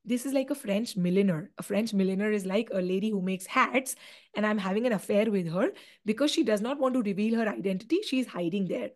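A woman voicing a scheming, falsely polite young man in a hurried, protesting way. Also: mid-range voice, close to an everyday voice.

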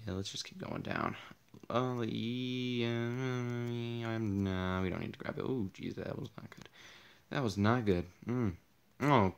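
A man's voice: lowish voice, vocal fry, a bit bright. A young man with a tired, partly lost voice, rambling through casual gameplay commentary, easily startled and joking at himself. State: losing his voice, tired. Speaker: gaming channel host. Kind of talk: casual Let's Play commentary.

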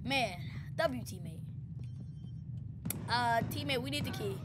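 A woman giving excitable, slangy gameplay commentary, shouting and joking at her teammate. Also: a little high, slow, very noisy. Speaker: gaming YouTuber.

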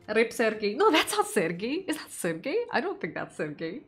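A woman with an Indonesian accent streaming a game, casually chatting, reading the game text aloud and breaking into excited shrieks. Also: mid-range voice, moderate pace, few pauses, breathy edge, soft background music. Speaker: VTuber streamer. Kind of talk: casual gameplay commentary.

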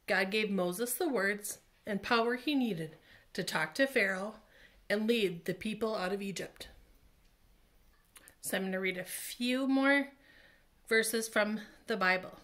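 A woman leading a children's Bible lesson, reading the story and then walking through a craft. She speaks very slowly and gently, with a calming, patient delivery and a medium-pitched voice. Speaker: children's ministry presenter.

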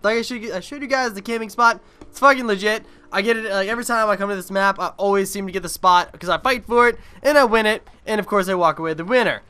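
Bright-voiced young man, rambling, swearing. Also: sits high, quick pace, smooth. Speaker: gaming video creator. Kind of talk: casual gameplay commentary.

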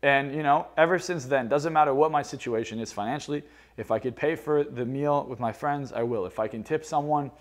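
A young man speaking in a mid-range voice, telling a personal story as a motivational speaker. His delivery is casual and candid, full of fillers like "you know" and quick restarts. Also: medium pitch.

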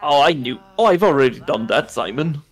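A man's voice: a little high, animated, brisk, soft background music. A man joining a game stream, teasing the others with crude jokes. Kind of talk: casual let's-play banter.

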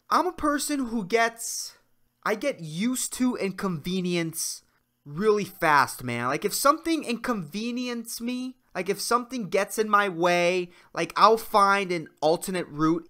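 A young man hosts a solo comedy podcast in Puerto Rico, ranting with plenty of swearing and swinging from worked-up outbursts to mumbled asides. His voice is high-pitched and expressive, bright and forceful, delivered at a measured pace.

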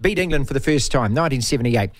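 A man's voice: medium pitch, lively intonation, fast, no echo. A man with a New Zealand accent hosting a sports radio show, teasing and opinionated. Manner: teasing, opinionated, laughs often. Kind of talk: casual radio sports chat.

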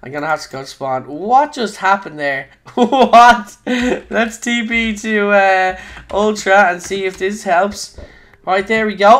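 A young Irish man giving excitable live commentary on his own gameplay, swinging between quiet muttering and loud shouts. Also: high voice, normal speed. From Ireland. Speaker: gaming YouTuber.

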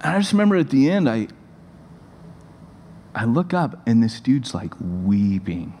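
A man preaching to a congregation, telling stories in a loose, animated way full of fillers and restarts. His voice sits at a middling pitch. The sound carries a long hall reverb. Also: measured pace, a little hiss or hum. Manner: animated, rambling storyteller with many fillers. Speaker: pastor. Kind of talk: sermon storytelling. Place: church hall.

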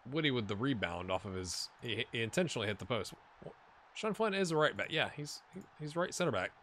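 Bright-voiced man rambling over gameplay. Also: mid-range voice, big pitch swings, fairly quick, a little hiss or hum. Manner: rambling, chatty, jokey asides to players. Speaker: gaming video host. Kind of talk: casual gameplay commentary.

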